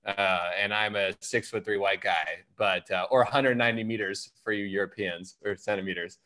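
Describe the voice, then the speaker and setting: Casual American guy, young adult, lower voice, easy laugh, rambling podcast chat. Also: normal speed. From United States. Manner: laughs often, relaxed rambling. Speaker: podcast guest.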